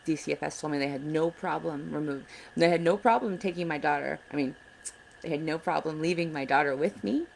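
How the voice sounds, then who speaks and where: A woman's voice: low-pitched, brisk, creaky, slight background noise, rough recording. A woman in her thirties giving earnest, blunt advice to other parents in a casual vlog, sounding frustrated. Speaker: parent advocate vlogger. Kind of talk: casual direct-to-camera advice.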